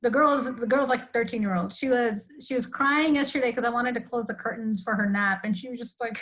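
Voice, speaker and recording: A woman hosting a podcast, reflective and animated in casual conversation, laughing often. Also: a little high, normal speed, hardly any pauses. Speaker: podcast host.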